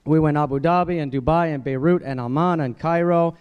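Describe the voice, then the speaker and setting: A man's voice: fairly quick, smooth, muffled recording. A man doing a stand-up comedy set at a dinner event, talking in a conversational way and breaking into exaggerated voices for the people he quotes. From United States. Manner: conversational, jumps into high-pitched character voices for quoted people. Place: dinner event hall, live audience.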